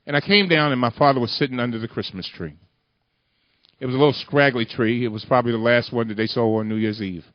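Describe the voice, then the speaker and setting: A man with a mid-range voice talks fast as he delivers an impassioned speech to a union crowd. His cadence is emphatic and oratorical, and he repeats lines for effect. The recording is muffled and lo-fi.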